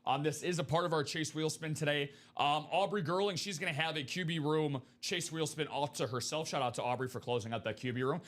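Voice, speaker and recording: A man hosting a live stream of memorabilia breaks, chatting upbeat and fast as he pitches to viewers. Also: fairly bright tone. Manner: upbeat, chatty, quick patter.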